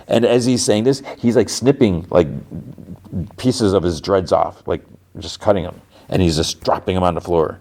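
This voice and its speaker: A man with a low voice talks through an episode recap for his podcast. He rambles casually, leaning on fillers and restarting his sentences. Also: normal speed, a little mellow. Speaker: podcast host.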